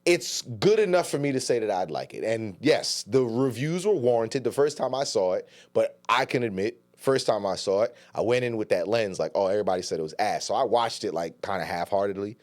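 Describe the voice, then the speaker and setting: Animated laid-back man co-hosting a podcast. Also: fairly low pitch, a little fast, hardly any pauses. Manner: laid-back, slangy, lively storytelling. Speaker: podcast co-host. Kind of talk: casual chat.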